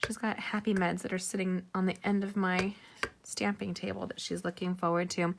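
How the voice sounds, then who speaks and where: A woman's voice: mid-range voice, creaky, fairly bright tone. A middle-aged woman hosting a casual live card-making tutorial, chatty and rambling with personal asides.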